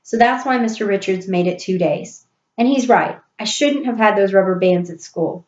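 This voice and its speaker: A woman's voice: medium pitch, normal speed, a little mellow, lightly acted. Woman doing a sheepish, scheming schoolboy. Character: young schoolboy, sly and sheepish. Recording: roomy, dull recording.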